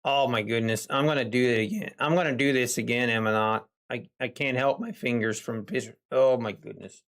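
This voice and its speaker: A man's voice: mid-range voice, fairly quick, a bit bright. A man live-streaming his day trading, chatting casually with viewers and talking himself through trades in an exasperated, sighing way.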